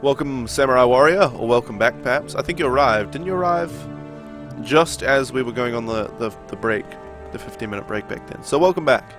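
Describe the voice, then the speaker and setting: Young Kiwi streamer, New Zealand accent, mid-pitched and easygoing, chatting over loud game music. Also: male voice, brisk. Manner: relaxed, rambling, laughs often. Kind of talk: casual chat while playing, reading out chat.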